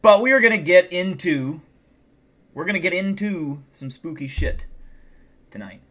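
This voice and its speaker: A man's voice: high-pitched, expressive, unhurried, fairly bright tone. A man live streaming, telling a story in a casual, rambling way, swearing a lot and filling his talk with "like". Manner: rambling and heavily profane, many fillers like "like".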